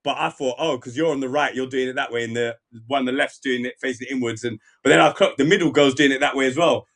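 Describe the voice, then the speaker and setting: A man's voice: mid-range voice, quick pace. A young man hosting a podcast, chatting casually and acting out lines from scenes as he retells them. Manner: animated storyteller, acts out quoted lines. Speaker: podcast host. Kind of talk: casual chat.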